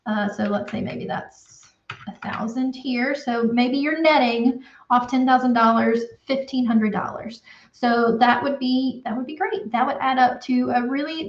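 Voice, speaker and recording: A woman with a Southern accent, an accountant chatting through a spreadsheet walkthrough on a livestream, explaining loosely with lots of fillers. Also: a little high. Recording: roomy, slightly dull livestream audio.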